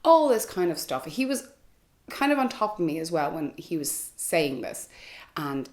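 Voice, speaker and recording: A woman's voice: deep voice, very animated, normal speed, a little mellow. A young woman vlogger telling a personal story to camera, candid and frank, with lots of "like" and "you know". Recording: echoey room.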